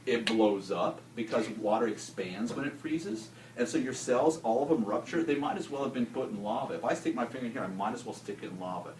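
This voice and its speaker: A middle-aged man teaching a classroom science demonstration, animated and joking, often restarting his sentences. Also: mid-range voice, fairly quick, hardly any pauses. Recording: roomy classroom audio from a distant camera, with noise.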